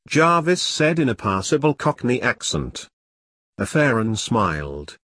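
A man narrating a novel as an audiobook reader, in a measured storytelling way. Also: medium pitch, sing-song, a bit bright, no room sound, clean studio sound. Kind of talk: scripted narration.

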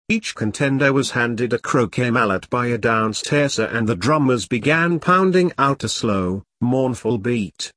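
A man narrating a dark comic story in a steady audiobook reading. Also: medium pitch, unhurried, few pauses, no room sound.

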